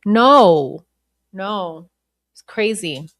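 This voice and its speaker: A woman's voice: mid-range voice, lively intonation, very slow, fairly bright tone, dry recording, studio quality. A woman hosting a podcast, giving blunt, profane and indignant commentary between clips. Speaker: podcast host. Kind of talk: live commentary over a played clip.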